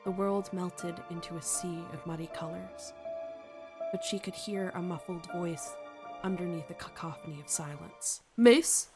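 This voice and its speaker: A woman reading a fan story aloud, calm and measured as narrator. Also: fairly low pitch, over music.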